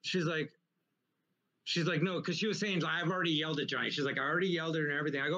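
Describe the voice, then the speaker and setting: A man's voice: fairly high pitch, rapid-fire. A man who works as a comedian telling rambling, profane stories in a casual live interview. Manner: rambling, profane, animated anecdotes. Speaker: guest comedian. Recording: muffled, lo-fi recording.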